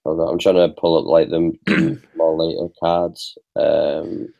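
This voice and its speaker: A man's voice: extremely low pitch, flat delivery, slow, gravelly, warm tone, muffled recording. A man co-hosting a casual sports podcast, talking in a profane, emphatic way. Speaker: podcast co-host.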